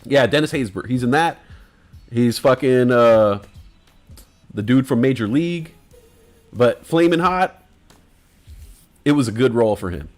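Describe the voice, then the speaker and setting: A man's voice: medium pitch, expressive, measured pace, pauses often, darkish tone, soft background music. A man hosting a casual livestream, talking in loose, profane, rambling banter. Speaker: livestream host.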